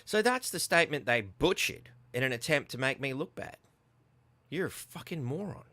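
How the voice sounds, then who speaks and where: A man's voice: medium pitch, lively intonation, normal speed, sharp tone, dry recording. An Australian man hosting a podcast, delivering an angry, profane commentary rant. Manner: profane, insulting, heated. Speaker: podcast host.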